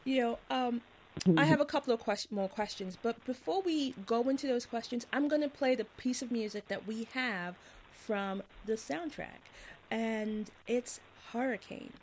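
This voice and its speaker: Enthusiastic lady host, faint noise under her voice, mid pitch. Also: normal speed. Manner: warm, gushing, enthusiastic. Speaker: show host. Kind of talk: casual interview chat.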